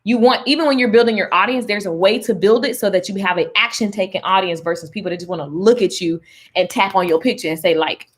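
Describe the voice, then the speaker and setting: A woman's voice: mid-range voice, fast talker. A woman hosting a casual live stream from her phone, upbeat and chatty, hyping up her viewers and greeting commenters by name. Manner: chatty, with fillers and restarts. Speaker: online business coach hosting a live stream.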